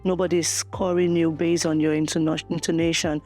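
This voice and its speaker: A woman's voice: low-pitched, flat delivery, a little fast, darkish tone, soft background music. A Nigerian woman, a student teacher from Nigeria, speaking emphatically in a casual interview and repeating phrases for effect.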